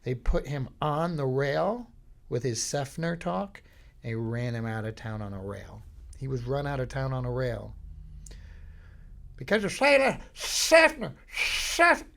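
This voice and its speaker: Gravelly male podcast host from Florida, rambling comic monologue, middle pitch. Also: measured pace, a little mellow. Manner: rambling, jokey storytelling. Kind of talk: casual comedic monologue.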